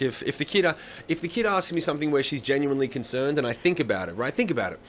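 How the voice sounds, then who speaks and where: A live songwriting stream host with a mid-range voice tells stories in casual chat, and slight background noise can be heard. He's animated, swears a lot and performs the voices of the people he describes.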